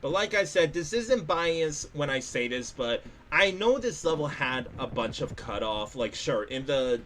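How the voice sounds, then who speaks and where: A young man commenting live on a game he is playing for his chat, excitable and quick to laugh and yelp. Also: a little high, slight background noise. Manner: excitable, laughs and yelps often. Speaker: gaming streamer.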